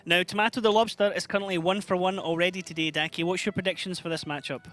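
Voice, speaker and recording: A man hosting esports commentary, briskly prompting his co-caster with questions. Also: high-pitched, steady tone, fairly bright tone.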